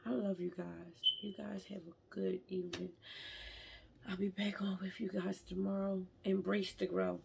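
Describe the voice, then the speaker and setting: A woman's voice: medium pitch, level tone, moderate pace, gravelly, noisy background. A woman talking emotionally and from the heart in a personal faith vlog, often restarting her sentences. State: tearful at times. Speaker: vlogger.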